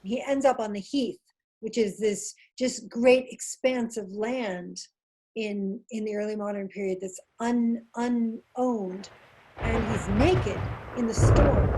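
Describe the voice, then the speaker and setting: A woman professor explaining a play in an interview over a video call, in a lively manner with frequent restarts. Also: fairly high pitch, slight background noise, rough recording. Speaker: Shakespeare professor.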